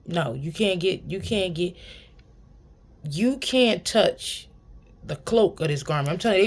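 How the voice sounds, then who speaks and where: A woman, giving blunt, profane spiritual advice in a casual monologue, repeating lines for emphasis and laughing often. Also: lowish voice. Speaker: spiritual tarot reader.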